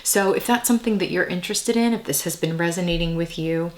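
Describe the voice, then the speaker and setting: A woman giving a casual tarot reading to camera, musing and meandering, with soft whispered asides. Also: fairly low pitch, quick pace. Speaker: tarot reader.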